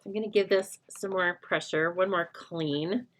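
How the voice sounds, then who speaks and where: A woman's voice: on the low side, steady tone, unhurried. A middle-aged woman demonstrating a stamping craft, chatting and thinking aloud as she works, joking with her viewers. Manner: chatty, jokey, thinking aloud while working. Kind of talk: live crafting tutorial chat.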